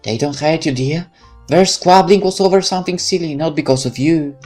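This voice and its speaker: A man doing a soft, motherly young woman. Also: fairly high pitch, normal speed, faint music behind, voice pushed up, close to an everyday voice. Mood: tender. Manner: soft, comforting.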